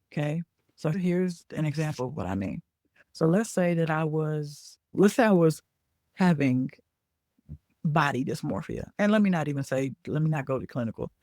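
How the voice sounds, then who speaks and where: A woman's voice: deep voice, dark tone, no echo. Chatty woman with a dry, close sound. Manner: chatty, checks in with frequent "okay?"; corrects herself mid-sentence. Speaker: podcast host and business coach. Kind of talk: casual talk.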